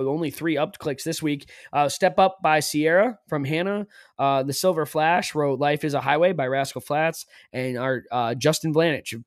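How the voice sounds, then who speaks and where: A man co-hosting a podcast talks in a loose, rambling way, full of fillers and jokes. His voice sits a little high for a man. The recording is dry and close, with no room sound. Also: no echo. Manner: rambling, filler-heavy, joking. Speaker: podcast co-host. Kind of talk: casual chat.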